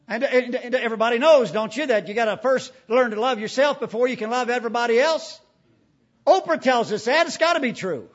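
A man preaching a sermon emphatically, asking repeated rhetorical questions and swinging between loud and hushed delivery. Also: very high voice, a little fast, dull audio.

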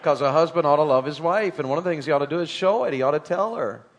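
Folksy, higher-voiced man preaching. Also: fast talker. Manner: folksy, humorous, rising to emphatic climaxes. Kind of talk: sermon.

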